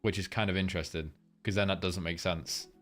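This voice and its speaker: A man's voice: deep voice, steady tone, a little fast, fairly bright tone, soft background music. A young man hosting a casual live market breakdown, rambling loosely, swearing freely and filling gaps with ums while he reads chat. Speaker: trading livestream host.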